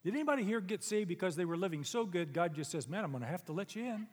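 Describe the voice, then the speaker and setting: A middle-aged man with a high voice preaches to his congregation, talking in an earnest, conversational way that swells into emphatic peaks. His words ring out with the long reverb of a big church hall. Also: animated, racing, few pauses. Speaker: pastor. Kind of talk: sermon. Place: church sanctuary.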